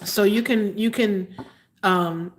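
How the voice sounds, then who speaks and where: Slow-talking woman tarot reader live. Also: mid-range voice, background noise. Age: 50s. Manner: slow, halting, emotional, many fillers. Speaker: tarot reader hosting a livestream. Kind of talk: live-stream chat answering viewers.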